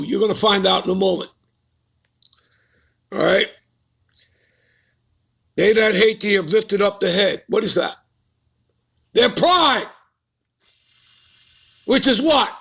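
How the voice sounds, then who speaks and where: A man's voice: high voice, gravelly, bright, forceful tone. A man preaching a Bible-study sermon who keeps putting rhetorical questions to his listeners and checking in with them.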